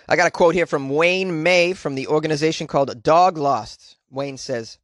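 A man's voice: on the high side, normal speed, hardly any pauses, a bit bright, no room sound, clean studio sound. A man hosting a podcast, riffing sarcastically and crudely on news stories and talking back to himself. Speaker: podcast host. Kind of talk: comic news commentary.

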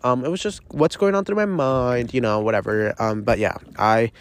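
A man's voice: mid-range voice, normal speed, smooth. A young man hosting his podcast in casual solo chat, rambling with many fillers and giggling, talking outdoors on the water. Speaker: podcast host.

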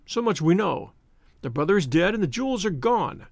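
A man puts on a stout, pompous police inspector who blusters with smug self-satisfaction. The voice is muffled, husky and wheezing, with a gravelly edge and lively swoops of pitch, recorded dry and close. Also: normal speed, no room sound, full character voice. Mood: self-satisfied.

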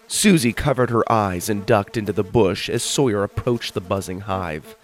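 A man narrating a children's adventure story in an expressive storytelling manner. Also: fairly low pitch, moderate pace, few pauses.

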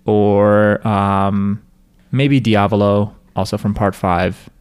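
A man's voice: on the low side, little pitch movement, slow pace, smooth. A man co-hosting a podcast, chatting casually and reading out a listener's email, rambling with restarts and laughs. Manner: rambling, self-interrupting, laughing. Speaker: podcast co-host.

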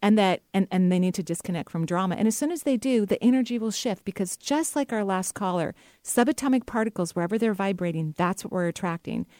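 A middle-aged woman hosting a talk radio show as a psychic medium, chatty and enthusiastic and quick to laugh. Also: medium pitch, expressive, dark tone, no room sound, studio quality.

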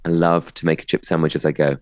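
A man co-hosting a podcast, chatting casually and telling animated stories. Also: extremely low pitch, quick pace, no room sound, clean studio sound. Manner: chatty, animated storytelling with quoted voices. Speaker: podcast co-host, comedian. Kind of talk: casual chat.

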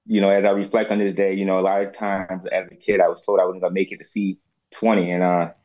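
An earnest man in his forties reflects in a measured, grateful way. His voice sits low, and the recording sounds muffled and lo-fi. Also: little pitch movement. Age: 40s. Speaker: guest. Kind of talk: casual reflective talk.

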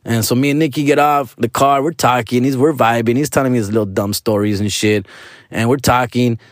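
Animated man telling a story. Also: medium pitch, a little fast, no room sound, studio quality. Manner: profane, slangy, mixing Spanish and English; animated, with frequent street-slang tags. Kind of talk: casual storytelling monologue.

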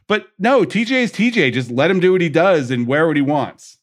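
A man's voice: fairly high pitch, a little fast, few pauses. A man hosting a podcast, chatting casually and ranting with playful mock outrage. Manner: animated, rants with mock outrage and acted quotes. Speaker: podcast host. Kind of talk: casual chat.

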